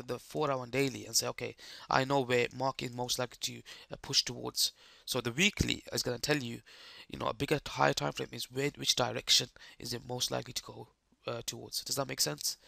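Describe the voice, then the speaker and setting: A man with a hoarse, croaky voice giving live trading commentary, explaining chart steps and checking that the viewers follow. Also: mid-range voice, steady tone, fast, pushed and bright, no echo, studio quality. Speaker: trading streamer.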